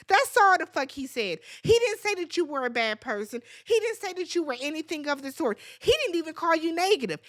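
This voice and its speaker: Blunt, foul-mouthed woman reality-show recapper; high, very animated voice. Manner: blunt, profane, exasperated commentary; talks straight to viewers.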